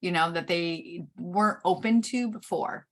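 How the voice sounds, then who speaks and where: A middle-aged woman giving a chart reading, explaining each point slowly with frequent pauses. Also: fairly low pitch. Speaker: Human Design reader.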